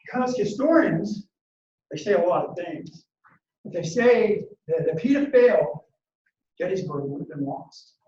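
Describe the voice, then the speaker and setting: High-voiced man telling a dramatic story. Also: lively intonation, measured pace, a little hiss or hum. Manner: dramatic, acts out quotes and shouts battle orders. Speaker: motivational speaker. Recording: echoey room, distant mic, dull lo-fi sound.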